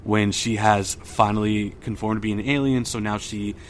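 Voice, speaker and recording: A young man with a fairly low voice hosts a laid-back pop culture podcast. He talks in an easygoing way, full of ums and likes. He often stops to read scenes aloud, with a faint hiss in the background. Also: moderate pace. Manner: relaxed, reads film lines aloud, frequent fillers. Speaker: podcast host. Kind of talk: casual pop culture chat.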